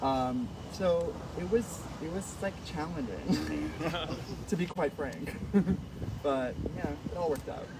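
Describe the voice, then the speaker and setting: A man talking as a guest author at a live event, in a chatty, animated way with many fillers and easy laughter. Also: fairly high pitch, slow pace. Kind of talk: casual conversation on stage. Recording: noisy live event audio.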